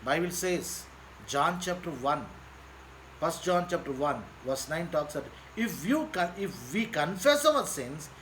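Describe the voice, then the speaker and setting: A man's voice: on the high side, lively intonation, a little slow, a bit bright, slight background noise, low-quality recording. A male pastor preaching a sermon, repeating phrases in an earnest, pleading way.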